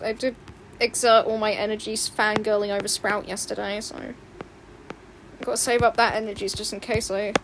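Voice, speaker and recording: A young woman chatting on a livestream while she draws, excitable and rambling, often squealing and laughing. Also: on the high side, a little hiss or hum. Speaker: livestreaming artist. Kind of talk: casual stream chat while drawing. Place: home room with open window.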